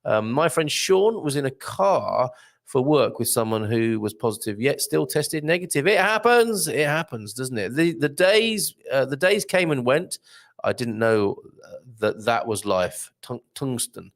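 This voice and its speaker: A man hosting a casual live stream, reading viewer comments aloud in a chatty, rambling way with lots of fillers. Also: measured pace. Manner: chatty, rambling, lively pitch, many fillers.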